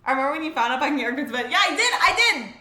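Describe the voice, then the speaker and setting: A woman streamer reacting live to a story game, excitable, yelping and laughing, sometimes reading story text aloud. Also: sits high, rapid-fire, echoey room, a little hiss or hum.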